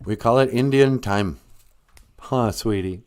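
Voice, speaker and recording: A man's voice: mid-range voice, sing-song, measured pace, a little mellow. A man hosting a casual live stream, joking around and reading chat messages aloud. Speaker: host of a language live stream.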